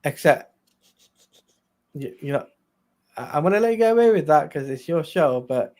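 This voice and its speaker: A man's voice: a little high, lively intonation, a little mellow. Hesitant man chatting about a film. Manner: hesitant, lots of fillers and trailing pauses. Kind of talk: casual movie discussion.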